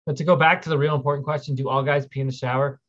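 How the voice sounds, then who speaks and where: A man's voice: mid-range voice, level tone, rapid-fire, a bit bright. A man hosting a casual livestream, rambling as he reads viewer questions aloud and answers them. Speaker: livestream host. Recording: dull lo-fi stream audio.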